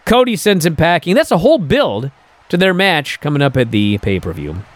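Animated man recapping the show. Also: a little high, normal speed, no echo. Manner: animated, incredulous storytelling with many fillers. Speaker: podcast host.

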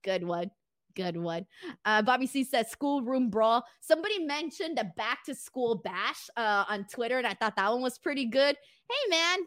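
A woman's voice: high-pitched, lively intonation, moderate pace, fairly bright tone. A woman hosting a casual wrestling recap stream, reading viewer comments in a chatty, rambling way with casual swearing. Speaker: wrestling show host reading chat.

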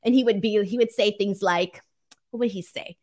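A woman's voice: medium pitch, normal speed, darkish tone. A woman from California with a Valley girl accent, hosting a wrestling show in a casual, self-mocking livestream chat with her viewers.

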